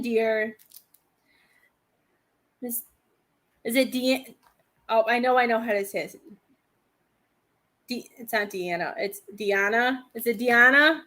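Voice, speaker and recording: Lady medium reading for viewers on a live stream, slightly high voice, hesitant and chatty. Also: fairly bright tone. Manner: hesitant, thinking aloud, addresses viewers by name. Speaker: psychic medium host.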